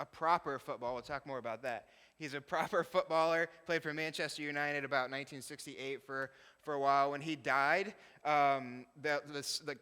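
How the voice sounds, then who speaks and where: A bright, forceful man's voice with a smooth, resonant tone, sitting slightly high for a man. He is a missionary pastor chatting through a slide show, laughing and poking fun at himself, and his voice rings out with a long reverb that fills a church hall. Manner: chatty, laughing, self-deprecating asides. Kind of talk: casual talk with slides.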